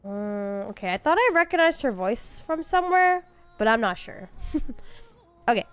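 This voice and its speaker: A woman's voice: a little high, sing-song, normal speed, a bit bright, clear, resonant tone, dry recording, faint music behind. A woman streamer giving chatty, self-deprecating commentary on a game as she plays, laughing often. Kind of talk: casual gameplay commentary.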